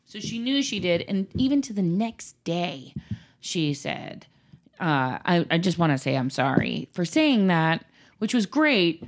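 A mother in her thirties telling a chatty, animated family story, acting out the quotes in casual conversation. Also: fairly low pitch, a little slow. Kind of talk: casual chat.

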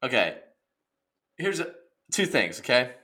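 A man's voice: medium pitch, measured pace. A young man from the Midwest, chatting casually and jokingly on a podcast. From American Midwest. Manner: excitable, jokey, says dude a lot.

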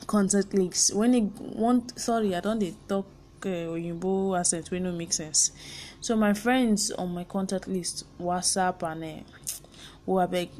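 Nigerian woman, young podcast host, warm mellow tone, earnest and candid, faint background hiss. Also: mid-range voice. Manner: candid, earnest, mixes in pidgin phrases. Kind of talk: personal podcast monologue.

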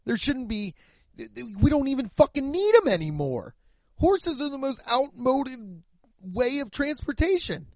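A man's voice: very high-pitched, very animated, a little slow, no room sound. A man in his thirties hosting a podcast, with a profane, mocking comedic rant. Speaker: podcast host.

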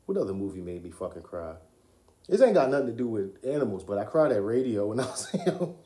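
A young man rambles through his solo podcast in a low voice, casual and profane. He laughs easily as he talks. The room around him rings with echo. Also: big pitch swings, fast talker, warm tone, slight background noise. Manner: loose, profane, laughs often. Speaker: podcast host. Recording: roomy echo.

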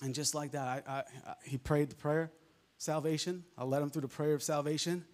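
A male preacher with a softened New York accent, delivering a fervent sermon full of amens and hallelujahs. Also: fairly high pitch, steady tone, fairly quick. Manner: fervent, peppered with amens and laughs.

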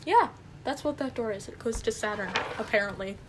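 A woman's voice: fairly high pitch, fairly quick, crowd noise, low-quality recording. A woman asking trivia questions and giving teasing hints to friends in a casual game. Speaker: trivia quizzer. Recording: loud background noise with clicks.

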